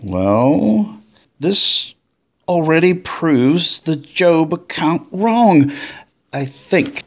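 A woman reading an audiobook voices a male archaeologist in a lowered voice. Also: big pitch swings, drawn-out words, exaggerated voice. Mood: hesitant. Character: male archaeologist, hesitant then alarmed.

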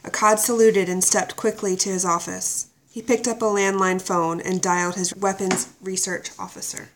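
A woman reading a thriller excerpt aloud in a steady, even storytelling manner. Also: medium pitch, moderate pace, a little hiss or hum. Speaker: narrator. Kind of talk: audiobook narration.

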